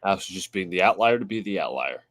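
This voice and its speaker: Low-voiced podcast guy who stumbles. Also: lively intonation, fast, fairly bright tone, dry recording. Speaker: podcast co-host. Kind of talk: casual sports chat.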